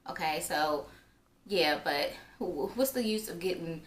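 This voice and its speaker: A woman's voice: lowish voice, animated, a little slow. Chatty young woman in an echoey room. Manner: chatty, lots of "like" fillers. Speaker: vlogger. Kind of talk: casual storytelling. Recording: roomy echo, faint background noise.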